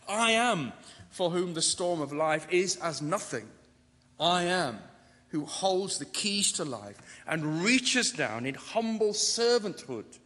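A man preaching a sermon, building through repeated phrases and slowing down for emphasis. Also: high-pitched, pushed and bright. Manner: rhetorical, building repetition with slowed emphasis. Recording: long reverb of a large hall.

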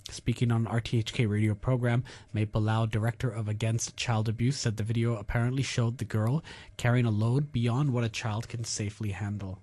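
A man reading the news in a measured, formal way as a radio anchor in a studio. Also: mid-range voice, fairly even intonation, dark tone, husky. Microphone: studio mic.

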